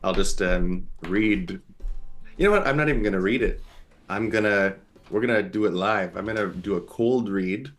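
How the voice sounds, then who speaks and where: A man's voice: lowish voice, normal speed, fairly bright tone, faint music behind. A man guest in a casual chat, joking and self-deprecating as he gets ready to read. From not American.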